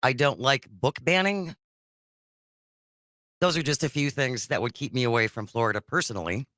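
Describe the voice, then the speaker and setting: A woman co-hosting a call-in radio talk show, lively and opinionated, quick to laugh. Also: extremely low pitch, dry recording, clean studio sound.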